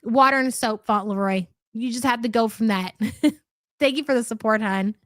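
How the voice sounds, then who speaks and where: A woman's voice: a little high, normal speed, no room sound, clean studio sound. A woman hosting a live commentary stream, chatty and sarcastic as she reacts to clips and thanks viewers. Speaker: livestream commentary host.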